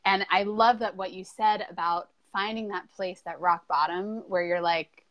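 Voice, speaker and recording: Brief: woman podcast host, middle pitch, eager agreement, quick to laugh. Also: steady tone, muffled recording. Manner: warmly affirming, eager agreement, frequent laughter. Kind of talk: casual interview chat.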